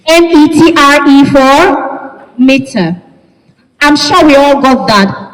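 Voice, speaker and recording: A woman from Nigeria teaching an English class, speaking slowly and emphatically and spelling words out letter by letter. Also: high voice. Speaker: English lecturer. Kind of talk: classroom lecture. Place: large lecture hall. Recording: echoey lecture hall, long reverb.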